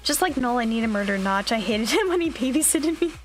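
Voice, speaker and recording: A young woman chats casually on her stream in a bright, higher voice that swoops up and down. She rambles cheerfully and fills gaps with "um" and "like". Faint music plays under her talk. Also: animated, quick pace. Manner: rambling, upbeat, lots of fillers. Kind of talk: casual chat.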